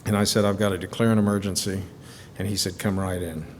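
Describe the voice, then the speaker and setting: A middle-aged man from Georgia giving an earnest, halting personal testimony at a recovery retreat, repeating words when moved. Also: level tone. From Stockbridge, Georgia, USA. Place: retreat hall. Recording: archival hall recording with long reverb and faint rumble.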